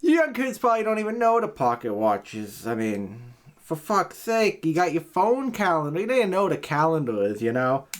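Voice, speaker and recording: A video creator with a slightly high, sing-song voice curses his way through a comedic rant to camera at normal speed. The exasperated rambling keeps stalling and restarting.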